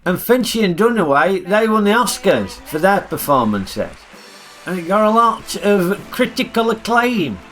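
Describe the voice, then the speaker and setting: A man's voice: sits high, sing-song, measured pace, fairly bright tone, faint music behind. A middle-aged man with a Northern English accent giving blunt, grumbling film reviews in a comic character vlog.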